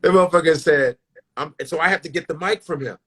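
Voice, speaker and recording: Husky, profane comedian telling stories. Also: male voice, a little high, quick pace. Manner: profane, animated, full of restarts. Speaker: stand-up comedian, guest. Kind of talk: casual storytelling.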